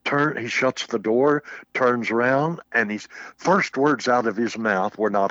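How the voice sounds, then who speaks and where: An older Baptist minister tells a personal story in casual conversation, acting out the quotes in an animated anecdote. His voice is medium-pitched, at a measured pace with hardly any pauses. The recording has no room sound but is muffled and dull.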